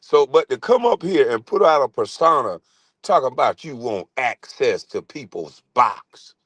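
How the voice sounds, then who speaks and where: A man's voice: big pitch swings, moderate pace, dry recording. Brash, teasing man on a dry mic. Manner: swings into high shouted mock voices. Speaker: livestream host. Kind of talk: casual live-stream commentary.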